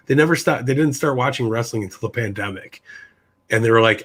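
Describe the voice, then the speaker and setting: A man co-hosting a casual wrestling podcast, excitable and profane, acting out what people said. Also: mid-range voice, a little fast, breathy edge. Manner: excitable, profane, acts out quotes. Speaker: podcast co-host.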